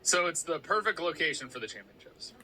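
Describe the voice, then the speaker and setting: A man's voice: fairly high pitch, very animated, brisk, noisy background. A man co-hosting a casual podcast chat, explaining researched facts in an informative way. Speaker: podcast co-host.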